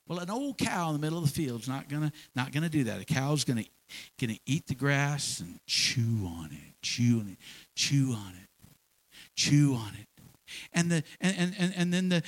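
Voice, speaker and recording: A man preaching a sermon in a folksy, homespun way, leaning on repeated phrases. His voice sits high and swings widely up and down as he makes his points. It sounds like a church setting. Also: fairly bright tone, rough recording. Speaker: pastor.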